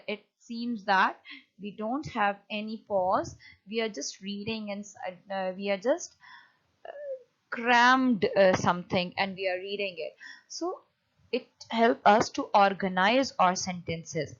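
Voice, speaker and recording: A woman teacher giving a lecture on punctuation, often pausing and restarting as she explains. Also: medium pitch, dull audio. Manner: hesitant, many fillers and restarts while explaining.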